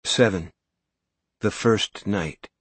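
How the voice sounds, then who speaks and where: A man reading a story aloud as narrator, with a measured, suspenseful delivery. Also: lowish voice, a bit bright, husky, no echo. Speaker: audiobook narrator. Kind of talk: scripted narration.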